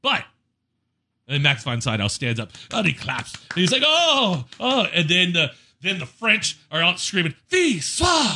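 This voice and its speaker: A man in his forties in casual chat, an animated storyteller who laughs as he talks. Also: on the high side, moderate pace, slight background noise.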